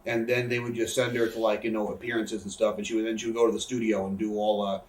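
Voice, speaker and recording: A man in his thirties telling a backstage story in a casual interview, rambling, animated and swearing. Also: fairly low pitch, quick pace, reverberant, far from the mic, low-quality recording. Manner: rambling, animated, swears, acts out quoted voices. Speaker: interview guest, wrestler.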